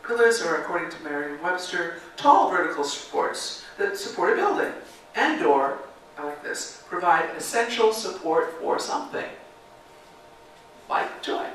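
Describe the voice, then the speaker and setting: A woman's voice: lowish voice, expressive, a little slow, a little hiss or hum. Woman minister preaching in an echoey sanctuary. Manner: reflective, leads call-and-response chanting. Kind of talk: sermon with guided meditation. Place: church sanctuary. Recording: very echoey sanctuary, mic far off.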